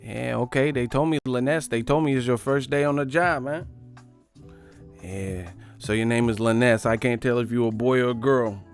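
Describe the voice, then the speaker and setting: A man's voice: mid-range voice, normal speed, faint music behind. A man from the Bay Area hosting a livestream, riffing in casual, profane slang. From San Francisco Bay Area. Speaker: livestream host.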